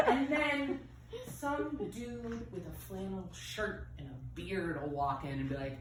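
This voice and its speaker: This thirtysomething comic has a fairly high, expressive voice and stretches out her words while doing live stand-up. She's chatty and self-deprecating with plenty of asides and fillers; the venue mic is distant and roomy, catching crowd laughter and a noisy background.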